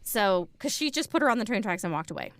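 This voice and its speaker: Woman telling a crime story on a podcast, smooth clear voice, lots of ums and likes, dry sound. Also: medium pitch, sing-song, quick pace, fairly bright tone, no echo. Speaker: podcast co-host telling a true crime case. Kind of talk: casual true crime chat.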